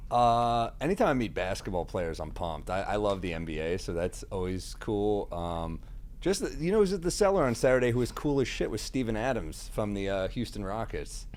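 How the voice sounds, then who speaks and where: Deep-voiced man with wisecracks. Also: animated, brisk, a little mellow. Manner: dry, wisecracking interjections. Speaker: podcast guest. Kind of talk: casual chat.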